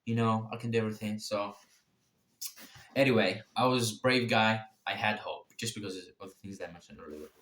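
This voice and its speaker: A young man telling his own story casually, swearing freely and jumping in pitch and loudness. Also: a little fast. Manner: profane, animated, sudden swings in pitch and loudness. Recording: echoey room.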